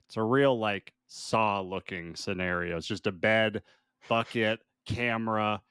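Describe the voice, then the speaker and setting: A man's voice: on the low side, a little slow, fairly bright tone, clean tone, no echo, studio quality. A man co-hosting a podcast, casually recapping a movie plot and laughing often. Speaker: podcast co-host.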